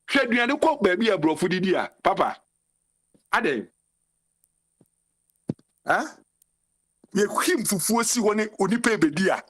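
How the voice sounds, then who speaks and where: A man's voice: high-pitched, fairly bright tone. A man with a Ghanaian accent, calling in to a talk show and ranting passionately, repeating his phrases. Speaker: caller. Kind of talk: call-in commentary mixing Twi and English.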